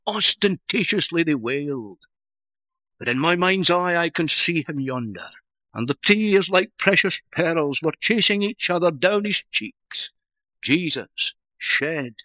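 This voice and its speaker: Male preacher, Northern Irish accent, high and bright, dramatic swells and slow low drops, dry close sound. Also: no echo. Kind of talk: sermon.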